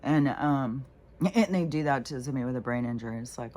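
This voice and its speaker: A woman's voice: very deep voice, fast, a little mellow. A middle-aged woman talking casually and bluntly, rambling with lots of fillers and swearing. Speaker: spiritual vlogger.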